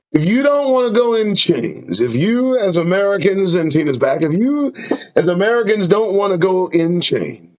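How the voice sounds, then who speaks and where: A man hosting his own show, ranting with profanity and preaching warnings. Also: high voice. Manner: profane, preaching, lively ups and downs. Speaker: show host. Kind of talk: impassioned ranting commentary. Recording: dull lo-fi sound.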